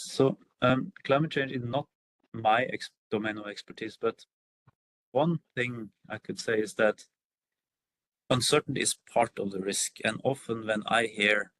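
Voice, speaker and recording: A man's voice: on the low side, fairly even intonation, unhurried, fairly bright tone, dry recording, poor audio. A man on a video call answering a workshop question, hesitant with many fillers and restarts. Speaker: workshop panelist.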